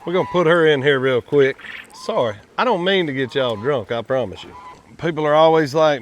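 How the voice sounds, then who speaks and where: A man's voice: fairly high pitch, big pitch swings, normal speed, a little hiss or hum. A man, chatting casually to viewers in a vlog while working outdoors at his quail pens, folksy and talkative. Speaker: quail farmer and channel host.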